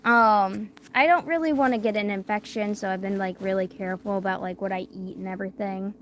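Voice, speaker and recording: A woman's voice: mid-range voice, fairly even intonation, brisk, slight background noise. A young woman chatting casually late at night on a livestream. She talks through a barely opened mouth after wisdom teeth surgery and rambles with many fillers. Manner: rambling, filler-heavy, drifting quiet.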